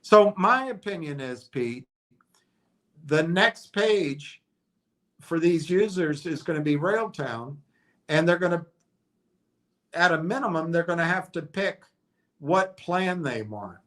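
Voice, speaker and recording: A man's voice: on the high side, animated, takes it slowly, pauses often, a bit bright. A man hosting a stock stream, speculating in a rambling, hesitant way with frequent restarts and fillers. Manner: rambling, hesitant, thinking aloud with many restarts. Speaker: stock commentator. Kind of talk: casual speculative monologue.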